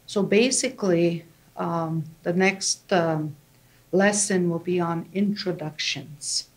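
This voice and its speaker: A woman language teacher, explaining slowly and patiently and often checking in with "okay?". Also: on the low side, low-quality recording. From Canada. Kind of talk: language lesson.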